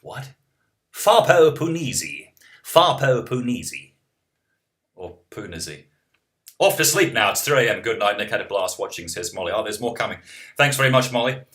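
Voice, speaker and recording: A man's voice: on the low side, lively intonation, fairly quick, sharp tone. A young man from New Zealand, rambling and wry, chatting casually while reading out viewer questions on a live stream. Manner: rambling, self-interrupting, wry.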